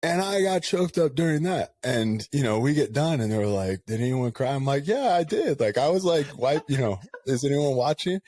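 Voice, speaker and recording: A man's voice: medium pitch, moderate pace, hardly any pauses. A man in his thirties co-hosting a casual podcast chat, speaking candidly and telling stories with many asides. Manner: candid, animated storyteller, rambling with many asides. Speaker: podcast co-host.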